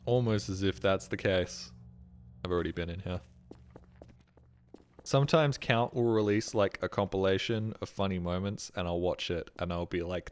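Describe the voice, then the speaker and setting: A man's voice: low-pitched, normal speed, clear, resonant tone. A man streaming a game, chatting casually in a rambling, sweary, self-mocking way. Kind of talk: casual live-stream chat. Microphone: streaming microphone.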